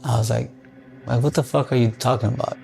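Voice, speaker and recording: A man with a gravelly, creaky voice tells his story in a podcast interview. He swears freely and acts out both sides of old phone calls. Music plays clearly underneath. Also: medium pitch, fairly quick. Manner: profane, animated, re-enacts phone calls.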